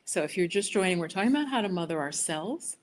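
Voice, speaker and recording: A woman teaching on a live stream, gently guiding listeners through slow affirmations and breathing. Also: fairly low pitch, lively intonation, slight background noise. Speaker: yoga and healing teacher hosting a live stream. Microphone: laptop for live video below her.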